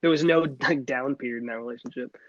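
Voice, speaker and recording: A man in his thirties co-hosting a casual podcast, telling animated stories with swearing and frequent laughs. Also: mid-range voice, fast, no echo, dull audio. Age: 30s. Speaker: podcast co-host. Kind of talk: casual chat.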